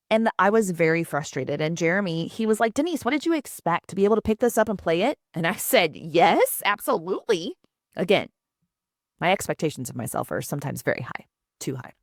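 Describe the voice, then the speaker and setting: A woman in her thirties hosting a solo podcast, telling personal stories in a lively, conversational way with laughs and asides. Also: fairly low pitch, dry recording, clean studio sound. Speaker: podcast host.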